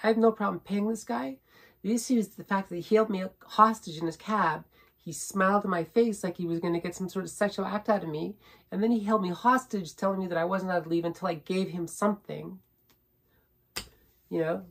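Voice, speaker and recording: A woman's voice: mid-range voice, a little fast. A woman vlogger telling a personal story in a rambling, repetitive way, often adding "right?" and growing indignant as she stresses her points. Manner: indignant, building emphasis.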